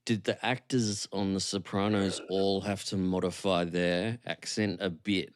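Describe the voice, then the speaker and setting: A man chatting on a podcast, curious and full of questions, sometimes halting mid-sentence. His voice is fairly low and smooth. The recording is dry and close. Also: fairly even intonation, no echo. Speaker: podcast co-host. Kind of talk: casual chat.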